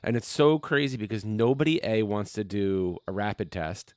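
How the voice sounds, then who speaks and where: Young male co-host with a smooth voice, profane casual storyteller. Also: on the low side, expressive, moderate pace, no room sound, clean studio sound. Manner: profane storytelling, acting out quoted people. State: recovering from covid. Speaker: podcast co-host. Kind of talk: casual chat. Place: home basement.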